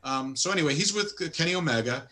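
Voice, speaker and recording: A man's voice: fairly high pitch, quick pace. A man co-hosting a casual wrestling podcast, opinionated and full of restarts. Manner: opinionated, lively, stumbling restarts. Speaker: podcast co-host.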